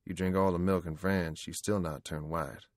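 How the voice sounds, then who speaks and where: A man's voice: low voice, fairly even intonation, moderate pace, no echo, clean studio sound, close to an everyday voice. A man doing a smirking barkeep with broken English. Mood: mocking. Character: burly, smirking male barkeep. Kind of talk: audiobook character voice.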